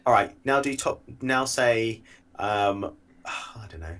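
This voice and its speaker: A man's voice: lowish voice, takes it slowly, a bit bright. A man co-hosting a casual podcast, teasing his partner and laughing a lot. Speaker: podcast co-host.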